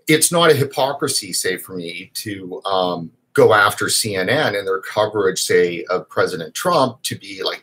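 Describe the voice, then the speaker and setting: Man, lowish voice, husky, casual live stream, emphatic, rambling. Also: a bit bright. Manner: rambling, emphatic, with fillers and restarts. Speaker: host of a vaping news show.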